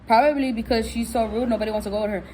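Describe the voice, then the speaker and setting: A woman's voice: on the high side, very fast, slight background noise. Heated woman in her thirties telling a story. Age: 30s. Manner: animated, heated, repetitive, "I was like" storytelling. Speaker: vlogger. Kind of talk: casual storytime.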